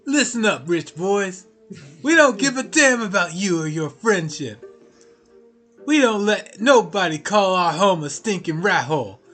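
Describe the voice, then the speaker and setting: A man voicing a cocky, broad-shouldered commoner boy from a video game, taunting loudly. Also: high voice, unhurried, soft background music, voice pushed up. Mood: sneering. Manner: taunting, sneering, loud.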